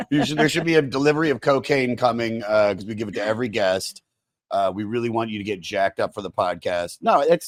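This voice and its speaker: A man's voice: medium pitch, dry recording. A man hosting a podcast, rambling with enthusiasm, full of "dude" and "like" and casual swearing. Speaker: podcast host.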